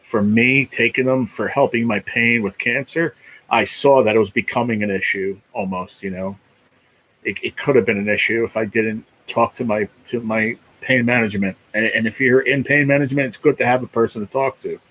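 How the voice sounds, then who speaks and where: A man's voice: medium pitch, fairly even intonation, normal speed, fairly bright tone, poor audio. Emotional, rambling man on a live stream. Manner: rambling, emotional, repeats "you know". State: close to tears. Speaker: livestream host. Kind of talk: casual live-stream chat.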